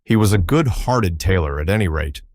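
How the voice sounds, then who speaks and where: Brief: a polite, gentle tin woodman keeping the peace, voiced by a man. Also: deep voice, animated, normal speed, dry recording, studio quality. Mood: courteous. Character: kind-hearted male tin man, peacemaker.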